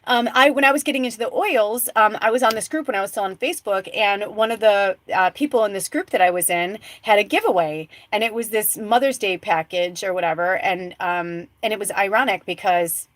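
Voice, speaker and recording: A woman hosting a live spiritual talk show, telling a rambling story full of fillers and restarts, going from hushed soft tones to excited exclamations. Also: medium pitch, brisk, hardly any pauses, no room sound. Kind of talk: casual live-stream monologue.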